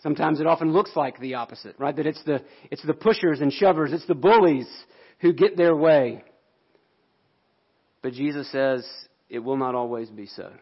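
A man's voice: mid-range voice, husky, highs cut off. A man pastor delivering a sermon in an earnest, explanatory way.

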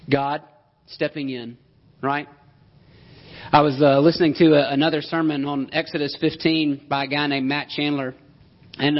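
A man preaching a sermon in a conversational, emphatic style, with many rhetorical questions. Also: a little high. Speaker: pastor. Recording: dull lo-fi sound.

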